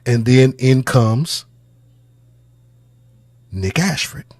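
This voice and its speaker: A man of middling pitch offers religious commentary on song lyrics, deliberate and musing with a sermon-like lilt. He circles back to repeat his points, and his voice sits close and dry with no room sound. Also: animated, a little mellow, no room sound. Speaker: channel host, religious music commentator.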